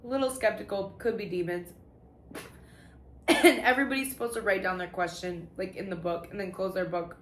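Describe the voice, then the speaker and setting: A woman's voice: medium pitch, steady tone, a little fast. A woman telling her personal testimony in casual, confessional storytelling, candid and profane, often stopping to restart her sentences. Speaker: vlogger sharing personal testimony. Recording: echoey room with faint background noise.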